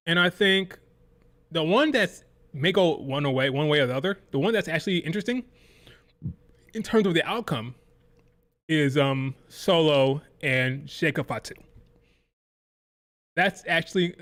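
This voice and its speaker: Male streamer, fairly high voice, fired-up, profane, exasperated rant into a desk mic. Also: fairly bright tone. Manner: heated, profane, exasperated ranting. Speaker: livestream host. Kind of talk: ranting live-stream reaction.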